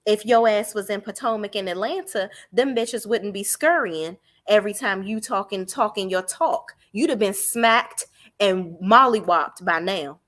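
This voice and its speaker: Sassy, profane woman with a lively voice. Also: mid-range voice. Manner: sassy, blunt and profane, mocking the cast. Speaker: reality TV recap vlogger. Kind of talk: unscripted live recap.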